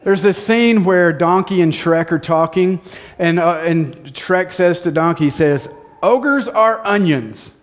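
A middle-aged man with a notably high-pitched voice preaches to a church congregation. He talks in a relaxed, conversational way, tossing in self-deprecating jokes as he goes. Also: unhurried. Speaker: pastor. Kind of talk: sermon. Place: church sanctuary.

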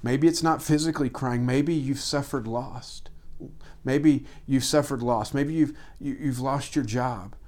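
Man, pastor, sermon, middle-pitched voice, rhythmic repeated lists, emphatic rises, hushed near-whispered moments. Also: unhurried.

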